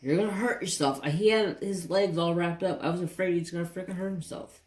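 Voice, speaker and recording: A woman hosting a craft channel, telling a rambling, animated story with mild cursing. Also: fairly low pitch, fairly quick. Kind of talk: casual storytelling while crafting.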